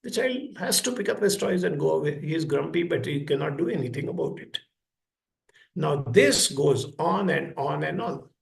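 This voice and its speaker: A man's voice: on the high side, animated, moderate pace, creaky. A man giving a public talk at a school, telling stories and acting out the voices of parents and children. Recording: echoey hall.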